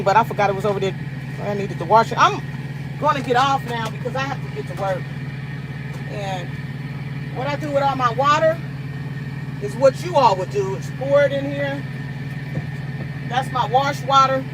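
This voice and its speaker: A woman's voice: a little high, noisy background. A woman truck driver chatting casually with her livestream viewers, rambling and talking straight to them with lots of "y'all". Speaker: long-haul truck driver and livestream host.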